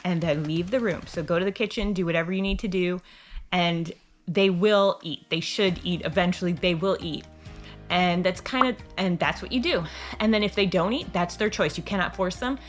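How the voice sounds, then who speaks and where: A woman's voice: on the low side, normal speed, soft background music. A middle-aged woman hosting a homeschool channel, giving casual advice in a chatty, rambling way with frequent restarts. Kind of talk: casual advice talk to camera.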